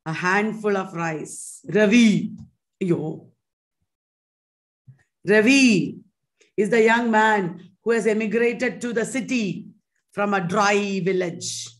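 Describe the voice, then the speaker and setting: A woman's voice: medium pitch, takes it slowly, long pauses. A woman teaching an exam-prep lesson online, quizzing viewers in a chatty way with Hindi asides.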